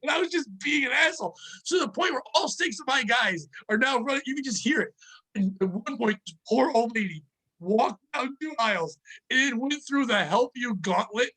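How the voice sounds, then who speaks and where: A man co-hosting a podcast, telling work stories in a casual, profane, animated way and acting out the people in them. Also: extremely high pitch, moderate pace, slightly rough, rough recording. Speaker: podcast co-host. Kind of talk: casual storytelling chat.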